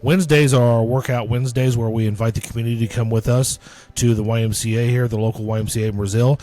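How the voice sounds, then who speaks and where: Man, rapid delivery, upbeat podcast co-host. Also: mid-range voice, steady tone, dark tone. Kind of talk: casual podcast chat.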